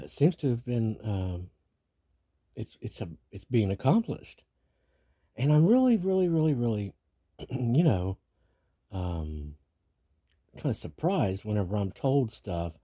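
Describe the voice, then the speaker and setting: A man speaks unhurriedly in a deep, dark, mellow voice, still gravelly from just waking up. He muses casually to his viewers, restarting and trailing off as his thoughts wander toward faith. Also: no echo. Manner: rambling, self-interrupting musing. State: gravelly morning voice. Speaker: vlogger. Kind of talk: casual spiritual vlog monologue.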